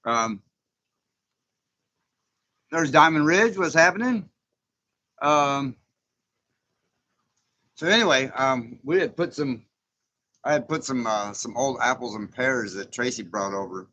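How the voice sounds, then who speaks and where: Bright-voiced folksy man. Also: mid-range voice, lively intonation, slow pace, long pauses, dull audio. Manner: folksy and chatty, chuckling often, reading out viewer names. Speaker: YouTuber hosting a live stream. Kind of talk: casual live-stream chat.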